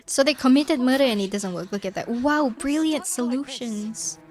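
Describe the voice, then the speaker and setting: A woman's voice: sits high, normal speed, faint music behind. Dramatic, joking woman streamer. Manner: dramatic, joking, talks to chat. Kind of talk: casual gaming chat.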